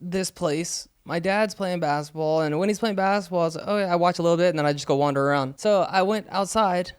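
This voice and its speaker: A man in his thirties, a podcast co-host in casual chat, telling a story with lively acted-out sounds. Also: high voice, brisk, clear, resonant tone. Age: 30s. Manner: animated storyteller, acts out voices and screams.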